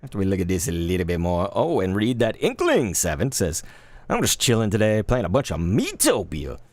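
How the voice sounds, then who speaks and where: A man in his thirties chatting casually while opening trading cards live, laid-back and quick to get excited. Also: fairly low pitch, dry recording. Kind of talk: live card-opening stream chat.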